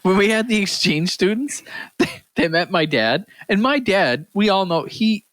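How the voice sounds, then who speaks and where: A man's voice: high voice, animated, a little slow, a bit bright, dry recording. A man from New Brunswick with a local accent, co-hosting a casual podcast chat and telling stories. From New Brunswick, Canada. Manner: storytelling, puts on voices in quotes. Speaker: podcast co-host.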